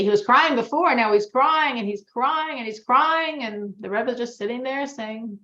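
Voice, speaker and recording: A woman's voice: on the high side, normal speed, hardly any pauses. A woman teaching a religious class, telling stories and acting out the characters' lines as she quotes them. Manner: storytelling, animated quoting of characters. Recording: echoey, dull lo-fi room sound.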